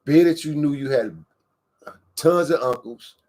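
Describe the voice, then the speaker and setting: A man's voice: fairly high pitch, a little slow, a little mellow. Rambling, slangy male podcast host. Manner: rambling, filler-heavy questions, slangy. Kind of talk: casual interview chat.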